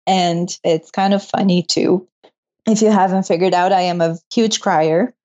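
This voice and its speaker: A woman's voice: on the low side, a little slow. Laughing woman telling her story. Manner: laughs often, emotional and animated. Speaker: interview guest, medical student. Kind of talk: casual interview storytelling. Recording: slightly dull lo-fi sound.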